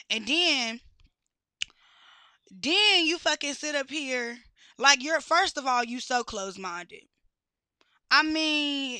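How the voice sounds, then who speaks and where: Woman, high voice, bright tone, blunt profane rant, exasperated questions. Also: no echo, clean studio sound. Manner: blunt, exasperated, heavy cursing, rhetorical questions. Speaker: podcast host.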